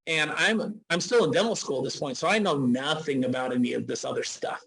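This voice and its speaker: A man's voice: on the high side, a little fast, gravelly, a bit bright, rough recording. A man in his forties from Utah, a dentist guest telling a chatty, anecdotal story in a casual interview, with frequent restarts. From Utah, USA.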